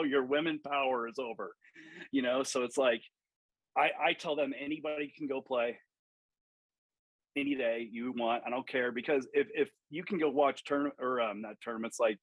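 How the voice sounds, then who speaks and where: Animated, husky-voiced golf coach. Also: male voice, medium pitch, no room sound, poor audio. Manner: animated storyteller, acts out quotes, swears freely. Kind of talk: podcast interview.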